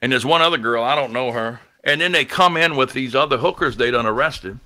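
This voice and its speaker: A man in his forties, a radio DJ, telling a story in an animated, profane way. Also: medium pitch, a little fast, dry recording. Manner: animated, profane, acts out voices. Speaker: radio DJ guest. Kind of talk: casual storytelling.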